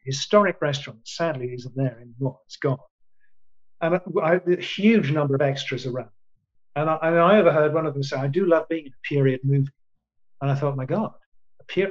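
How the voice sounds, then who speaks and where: An older man in his sixties tells winding anecdotes, restarting his sentences and voicing his own past thoughts aloud. His voice sits a little high for a man. The sound is dull and lo-fi, like call audio. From England. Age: 60s. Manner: rambling anecdotes with many restarts and quoted asides. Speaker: actor, interview guest. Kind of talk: casual storytelling in an interview.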